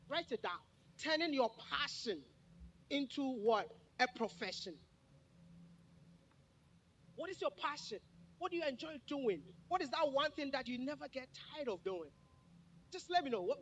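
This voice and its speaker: A man's voice: very high voice, fairly bright tone, slight background noise. A man giving a motivational speech at a summit, joking and speaking straight to the crowd. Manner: joking, addresses the crowd directly.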